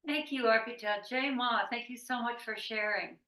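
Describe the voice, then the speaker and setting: A woman hosting a spiritual gathering reads a remembered interview aloud in a gentle, earnest way. Her voice sits away from the mic, and a roomy echo hangs around it. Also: on the high side, normal speed, recorded from a distance. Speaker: satsang host. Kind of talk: introducing stories and reading an interview account aloud.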